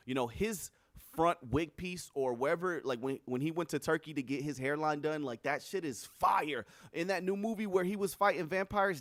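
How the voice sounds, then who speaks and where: A young man talking casually on his livestream, rambling and animated, swearing freely as he reacts to the news. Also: on the high side, no room sound, clean studio sound. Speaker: streamer. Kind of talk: casual chat.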